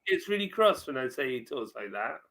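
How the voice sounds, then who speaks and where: A man hosting a casual live-stream chat, talking in animated banter. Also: medium pitch, fast.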